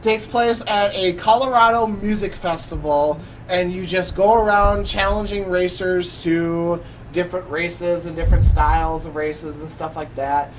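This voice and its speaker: A man's voice: high voice, steady tone, unhurried, few pauses, slight background noise, poor audio. A man co-hosting a casual podcast, recapping a press conference with many fillers and restarts. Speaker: podcast co-host.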